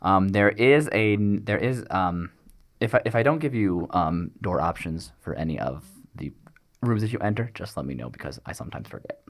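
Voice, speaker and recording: A man's voice: low-pitched, lively intonation. A man running a tabletop game as game master, narrating casually with many fillers. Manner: halting, many fillers, laughs often.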